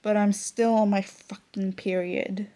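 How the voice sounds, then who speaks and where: A woman's voice: mid-range voice, flat delivery, a little slow, a crowd in the background, background noise. A young adult woman vlogging casually in a blunt, ranting way, swearing constantly. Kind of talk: casual vlog talk. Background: background music.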